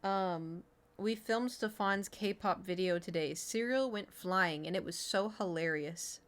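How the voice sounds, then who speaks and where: Woman, 30s, from Oklahoma, streamer, casual chat, giggly, self-mocking, lots of fillers, medium pitch. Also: a little slow. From Oklahoma, USA. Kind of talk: casual chat reading old diary entries aloud.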